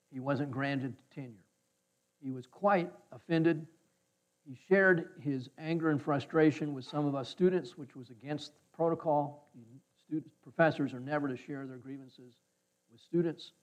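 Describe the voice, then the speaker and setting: Male pastor, folksy storyteller, fairly high voice, slightly dull muffled recording. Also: normal speed. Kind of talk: sermon with personal story.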